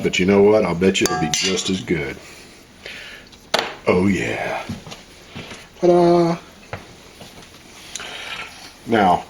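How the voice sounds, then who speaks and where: Low-voiced man chatting through a cooking demo. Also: noisy background. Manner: relaxed, chatty, self-deprecating. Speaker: home cooking show host. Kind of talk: casual cooking demonstration. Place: home kitchen.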